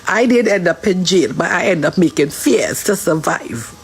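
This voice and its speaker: A woman's voice: fairly low pitch, lively intonation, normal speed, creaky, soft background music, rough recording. A woman hosting a street interview stream, talking in an impassioned, pleading way that keeps repeating itself. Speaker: stream host.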